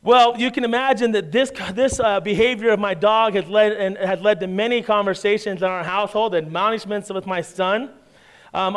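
In a church, a pastor gives a sermon in a high, smooth, resonant voice. His delivery is relaxed and conversational, and he works wry humor into the story he tells.

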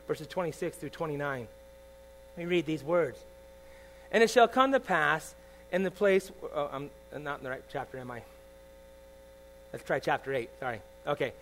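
A man in his forties preaching a sermon, swinging from loud emphatic lines to soft confiding asides, often asking the congregation "all right?". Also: on the high side, low-quality recording. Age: 40s. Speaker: pastor. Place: church. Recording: faint mains hum.

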